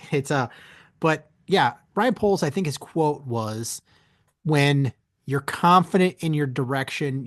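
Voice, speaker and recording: A man's voice: mid-range voice, a bit bright, no echo, clean studio sound. A man co-hosting a casual sports talk podcast, opening the show in an upbeat way. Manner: upbeat show opener, reads a sponsor spot. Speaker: podcast co-host.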